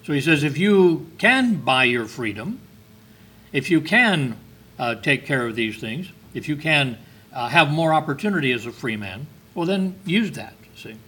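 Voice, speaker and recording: A man delivers a sermon in a husky voice with a bright, forceful edge. He talks to his listeners like a conversation and keeps asking them questions. He lifts his voice to stress key words and reads scripture in old-fashioned phrasing. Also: on the high side, very animated, measured pace. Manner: conversational preaching with rhetorical questions and emphatic lifts; reads scripture in King James wording. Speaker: preacher.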